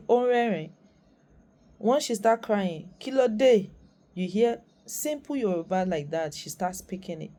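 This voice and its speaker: A woman's voice: mid-range voice, dark tone. A Nigerian woman in her thirties with a Nigerian accent, giving impassioned commentary to camera as a vlogger and parent and repeating phrases for stress.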